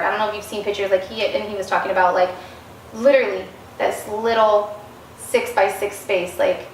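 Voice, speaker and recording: A woman's voice: mid-range voice, flat delivery, a little fast. A woman guest in a casual interview, telling stories animatedly and acting out the quoted dialogue. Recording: roomy, distant mic, faint noise.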